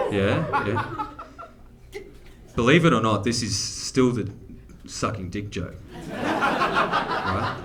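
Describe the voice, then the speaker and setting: Aussie guy doing raunchy standup on stage, mid-pitched voice, noisy live recording. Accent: Australian. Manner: crude, self-mocking punchlines. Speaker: stand-up comedian. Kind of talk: stand-up comedy set. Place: comedy theatre stage with live audience.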